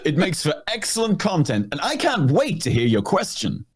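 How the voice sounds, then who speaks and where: A man's voice: fairly high pitch, huge pitch swings, normal speed, breathy edge. A man co-hosting a casual gaming podcast, playful and teasing, with a theatrical way of talking. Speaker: podcast co-host.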